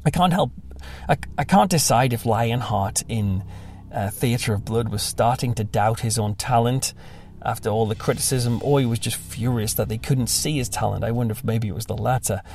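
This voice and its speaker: A man's voice: mid-range voice, moderate pace, a little mellow, soft background music. A young man, a pastor, talking casually and reflectively, self-deprecating and sometimes mimicking other voices.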